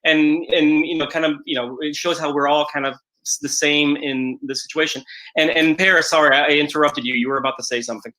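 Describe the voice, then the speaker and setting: A man's voice: on the high side, fairly even intonation, brisk, bright, forceful tone, rough recording. A man hosting a virtual film festival Q&A, chatty with frequent stammered restarts. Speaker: festival Q&A host. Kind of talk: virtual Q&A moderation.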